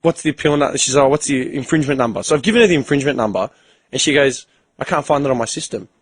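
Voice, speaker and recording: An Australian man hosting a casual chat show, telling stories in a profane, animated way and acting out both sides of conversations. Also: mid-range voice, racing, breathy edge, dry recording. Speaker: podcast host.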